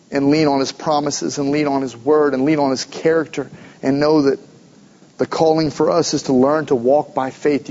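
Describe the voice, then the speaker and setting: A man with a high voice delivers an earnest sermon, hammering his points home through repeated phrases. The recording sounds dull and lo-fi. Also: a little mellow. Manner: earnest, repetitive emphatic preaching. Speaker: pastor.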